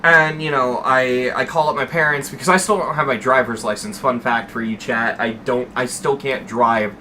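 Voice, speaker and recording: A man's voice: mid-range voice, steady tone, normal speed, pushed and bright, a little hiss or hum. A young man streaming, telling a story to his chat in a casual, rambling way and swearing freely.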